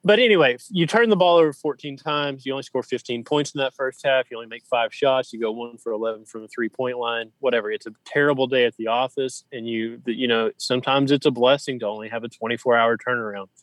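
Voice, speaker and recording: A man's voice: mid-range voice, quick pace, hardly any pauses, dry recording, rough recording. A man co-hosting a sports podcast, making his points with emphatic, repeated phrasing. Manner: emphatic, listing points in rhythmic repetition. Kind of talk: casual sports talk.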